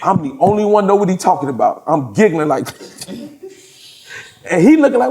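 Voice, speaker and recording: Gravelly man telling stories. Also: a little high, brisk. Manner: animated, profane, laughs through his stories. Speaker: podcast guest, DJ. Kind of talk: casual storytelling in an interview.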